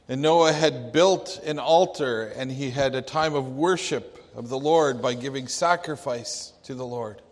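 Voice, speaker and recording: A man preaching a sermon, telling a story slowly and deliberately, with some restarts. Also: mid-range voice, long reverb tail. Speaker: pastor.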